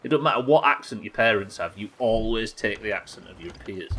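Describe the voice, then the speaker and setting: A man's voice: lowish voice, a little fast, few pauses, pushed and bright, a little hiss or hum. An English man streaming a game, chatting casually and rambling, swearing freely as he plays. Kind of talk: casual chat while playing.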